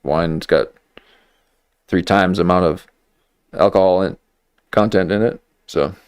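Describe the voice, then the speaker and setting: A man's voice: deep voice, unhurried, clean tone, no room sound, studio quality. A man commenting over clips on a livestream, with mocking, incredulous asides.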